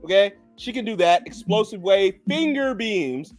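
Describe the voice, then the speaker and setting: A man's voice: high voice, normal speed, faint music behind. A man hosting a casual chat, talking animatedly with plenty of swearing and reading move descriptions aloud. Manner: animated, profane, reads move lists aloud. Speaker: host. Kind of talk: casual chat about anime powers.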